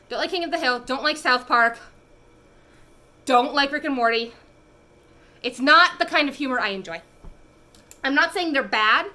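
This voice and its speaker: Chatty bright-voiced young woman vlogger. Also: on the high side. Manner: chatty, rambling, lots of fillers; coos in baby talk to her pet. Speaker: beauty vlogger. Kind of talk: casual chat while doing makeup. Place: home room. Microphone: phone camera.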